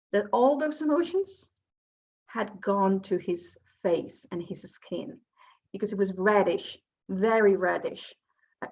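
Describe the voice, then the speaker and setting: Woman coach giving a workshop talk, medium pitch, muffled video-call sound. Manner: asks the audience questions, explanatory.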